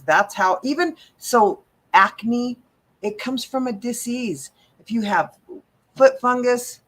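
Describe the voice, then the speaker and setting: A woman hosting a casual live stream as an alternative health specialist, animated and slangy, with frequent exclamations. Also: medium pitch.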